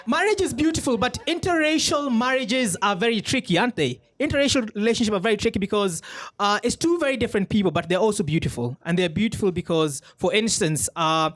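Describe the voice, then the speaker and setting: A Kenyan man with a notably high voice, doing stand-up comedy. His delivery is quick and deadpan. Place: comedy club stage.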